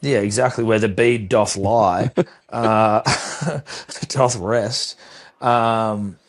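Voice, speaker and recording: A man's voice: on the low side, steady tone, very slow. A man with an Australian accent co-hosting a sports podcast, laid-back and swearing in casual banter. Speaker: podcast co-host.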